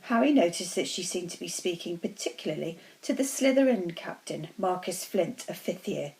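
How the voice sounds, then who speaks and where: A woman teacher reading a children's novel aloud in a steady, expressive storytelling voice. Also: on the low side, moderate pace, poor audio.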